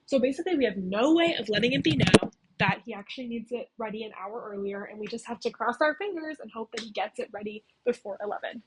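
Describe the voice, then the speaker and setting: A woman's voice: a little high, lively intonation, fast, heavy background noise. A young woman recapping a game's story in a casual, chatty way, scattering "like" and "okay?" through her talk.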